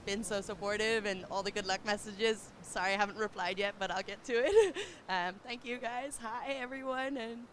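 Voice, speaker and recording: A young woman surfer chats after her heat on the beach, casual and giggly, her filler words tumbling out. Her voice sits at a middle pitch, with faint outdoor noise behind her. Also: normal speed, hardly any pauses. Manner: giggly, says "like" a lot. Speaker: competing surfer. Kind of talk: casual post-heat interview.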